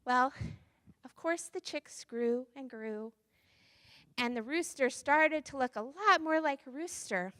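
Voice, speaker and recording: A woman's voice: high voice, animated, takes it slowly, fairly bright tone, no room sound. A woman minister telling a playful children's story during a church service. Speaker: interim minister. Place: church sanctuary.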